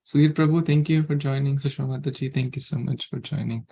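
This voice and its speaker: A man's voice: medium pitch, steady tone, brisk, creaky, dark tone, slightly rough. A man leading an online scripture class. He speaks earnestly, keeps repeating his key words and chuckles now and then. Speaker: class leader.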